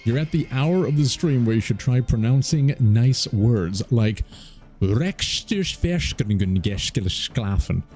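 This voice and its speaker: A man's voice: medium pitch, moderate pace, few pauses, dark tone, soft background music. A man streaming a strategy game, joking playfully and laughing often as he comments on his moves. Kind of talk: casual let's-play commentary.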